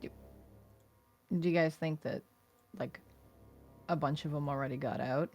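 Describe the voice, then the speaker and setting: A woman playing a tabletop game, cheering loudly, swearing casually and filling her talk with "like.". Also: sits low, a little slow, faint music behind. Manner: loud excited cheers, casual swearing, many "like" fillers. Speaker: player.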